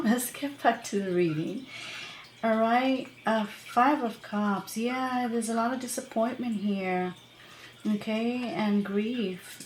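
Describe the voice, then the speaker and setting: A woman's voice: medium pitch, darkish tone, reverberant, a little hiss or hum. A woman tarot reader talking casually to her viewers, rambling and chatty, with many fillers and laughs. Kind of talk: casual tarot reading to camera.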